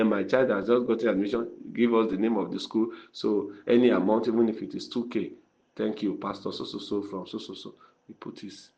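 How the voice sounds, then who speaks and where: A male pastor preaching a sermon, driving phrases home with repetition and dropping to quiet, urgent asides. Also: medium pitch. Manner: emphatic, repeats key phrases, drops to a hush. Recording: dull lo-fi recording.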